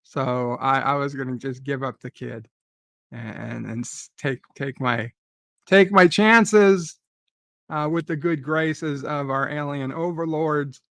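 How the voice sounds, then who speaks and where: A man's voice: mid-range voice, slow, a bit bright, no echo. A man hosting a live stream, retelling a dream in a profane, agitated rant full of stammering restarts.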